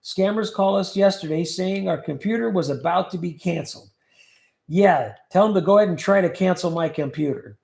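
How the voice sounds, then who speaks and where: A man's voice: high voice, fairly quick, vocal fry, darkish tone, reverberant. A man hosting a casual livestream, reading viewer comments aloud and joking about them. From California. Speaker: livestream host reading chat.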